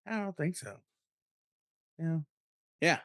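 A man co-hosting a podcast, chatting casually with quick asides and swearing. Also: on the high side, big pitch swings, bright, forceful tone, no echo, studio quality. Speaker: podcast co-host. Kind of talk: casual chat.

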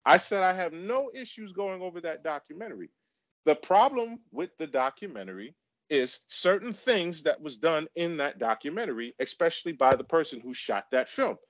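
A man's voice: a little high, animated, normal speed, no room sound, lo-fi sound. A man co-hosting a casual podcast chat, arguing in a heated way and repeating himself. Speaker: podcast co-host.

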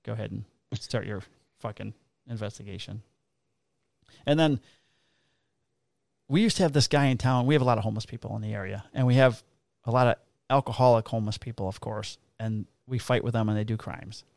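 Gravelly cop telling stories. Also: male voice, fairly low pitch, a little fast, no echo, studio quality. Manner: profane, animated storyteller acting out dialogue. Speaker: police officer telling stories. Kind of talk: casual storytelling chat.

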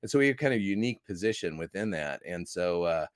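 A man's voice: sits low, lively intonation, quick pace, no echo, studio quality. A middle-aged American man, a guest movie critic, telling his story in a rambling, enthusiastic way. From United States. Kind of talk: casual interview talk.

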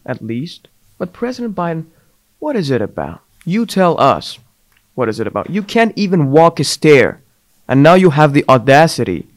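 A man hosting a podcast, ranting in a combative, mocking way; English is not his first language. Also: medium pitch. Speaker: podcast host.

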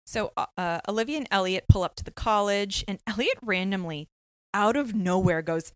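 A woman's voice: medium pitch, normal speed, smooth, no echo. Laughing woman retelling scenes, dry sound. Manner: laughing often, animated retelling. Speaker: podcast co-host. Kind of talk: casual recap chat.

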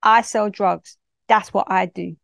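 A woman's voice: medium pitch, fairly even intonation, unhurried, creaky, fairly bright tone, no room sound, studio quality. A woman voicing a defiant teenage boy with a strong London street accent, cocky and dismissive.

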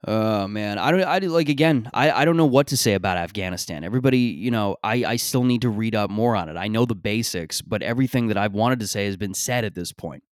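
A man hosting a podcast, telling stories in a rambling, profane, animated way, often stammering and restarting his sentences. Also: on the low side, fast, few pauses, no room sound, studio quality. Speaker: podcast host. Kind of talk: casual comedic monologue.

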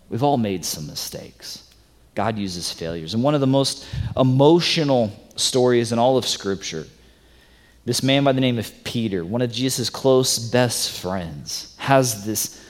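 A male pastor preaching a sermon, swinging from loud emphatic stretches to soft hushed ones. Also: medium pitch. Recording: long hall reverb.

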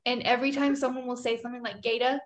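A woman's voice: fairly high pitch, level tone, rapid-fire, muffled recording. A woman chatting casually, telling an amused story about her husband. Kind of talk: casual chat.

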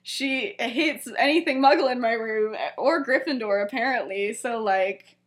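A woman's voice: a little high, a little slow. A young woman co-hosting a podcast, casually retelling a story with frequent giggles and lots of filler words. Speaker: podcast co-host.

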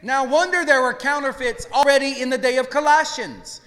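A male pastor preaching a sermon, swinging between hushed lines and shouted peaks. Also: very high-pitched, fairly even intonation, normal speed, big-room sound. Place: church sanctuary.

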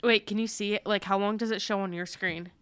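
Excitable young woman chatting on a call. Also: mid-range voice, smooth, no echo. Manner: excitable, rambling, quick to laugh. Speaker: podcast co-host. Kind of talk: casual chat over a video call. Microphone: video call.

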